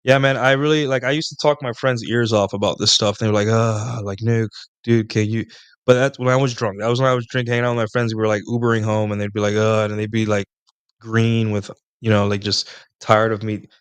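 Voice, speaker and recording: A young man answers chat questions on a live stream in a loose, rambling way that keeps circling back on itself with restarts and fillers. His voice is smooth and clear and sits at an ordinary pitch. The sound is dry and close, with no room in it. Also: steady tone, fast talker, no echo. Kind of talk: casual live Q&A monologue.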